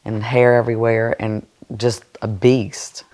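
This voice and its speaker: A man, describing something in a halting way, searching for his words. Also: fairly low pitch, little pitch movement, a little mellow.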